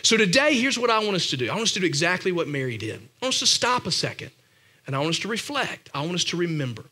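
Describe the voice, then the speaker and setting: A man preaching in a church room, his voice pitched high for a man and ringing brightly. He talks to the congregation as a pastor, loosely and conversationally, mixing personal stories with joking asides. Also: very animated, fast talker, breathy edge. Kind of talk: sermon.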